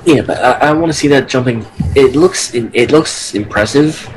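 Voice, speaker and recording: A man co-hosting a casual podcast chat, excitable and opinionated, quick to joke. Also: mid-range voice, poor audio. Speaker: podcast co-host.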